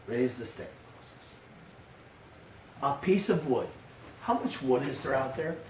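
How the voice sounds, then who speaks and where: An older man, a pastor, giving a sermon with lively storytelling, acting out his grandson's voice. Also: medium pitch, takes it slowly, slight background noise. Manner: storytelling, animated, acts out a toddler's voice. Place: church. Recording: echoey church room heard from a distance.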